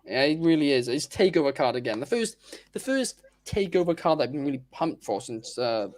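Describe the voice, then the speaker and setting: A man's voice: a little high, lively intonation, brisk, a little mellow. A man co-hosting a wrestling podcast, chatty and fond of ribbing the others. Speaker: podcast co-host. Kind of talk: casual chat.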